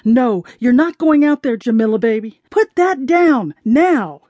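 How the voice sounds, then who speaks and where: A woman's voice: a little high, lively intonation, unhurried, warm tone, no room sound. A woman voicing a big, frantic mother who wails, pleads and prays in a storybook reading. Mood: pleading. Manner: wailing, pleading, praying.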